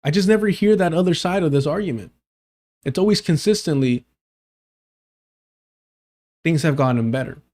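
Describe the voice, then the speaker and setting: A man's voice: on the high side, lively intonation, normal speed, pauses often, a little mellow. A man on a live stream arguing a point with pressing rhetorical questions. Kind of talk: streamed debate argument.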